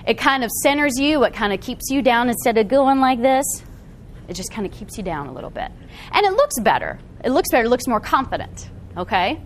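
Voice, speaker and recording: A woman giving a live seminar talk to an audience in a meeting room, animated and often checking in with the room. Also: a little high, a little fast, a little hiss or hum. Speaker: workshop presenter.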